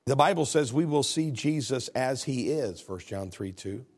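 A man's voice: medium pitch, lively intonation, moderate pace, slightly rough. A man preaching a sermon as pastor, earnest, reading scripture aloud and often repeating words.

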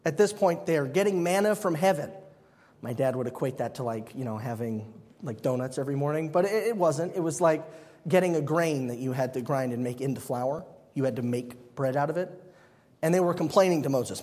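Man, preacher, relaxed sermon, light humor, fairly high voice, long reverb. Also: normal speed. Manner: conversational, self-deprecating humor.

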